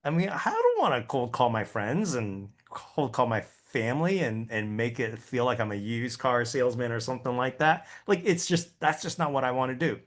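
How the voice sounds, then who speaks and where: A man's voice: mid-range voice, sing-song, normal speed. A man giving a conversational training talk to real estate agents, chatty and often checking in with listeners, stumbling and repeating words as he goes. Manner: chatty, keeps asking "right?".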